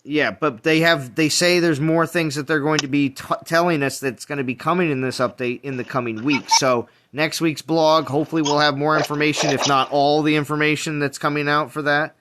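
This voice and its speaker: A man hosting a casual gaming roundtable stream, reading chat aloud and reacting in an animated way. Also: fairly high pitch, brisk, hardly any pauses, background noise.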